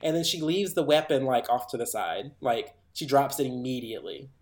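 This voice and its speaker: A man on a casual podcast retells a horror movie at length. He rambles and fills every pause with "like" and "um", and his pitch sits in the middle. He slips into the characters' lines as he goes, and the room around him has a noticeable echo. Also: a little mellow. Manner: rambling, filler-heavy, acts out characters' lines. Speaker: podcast co-host.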